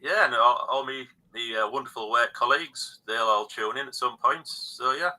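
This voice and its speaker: An English man with a very bright, edgy tone talks in a relaxed, casual way. He drifts through his answers with little fillers and restarts, unhurried and friendly. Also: mid-range voice. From England. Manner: easygoing, hesitant with fillers. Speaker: guest musician. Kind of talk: casual interview chat.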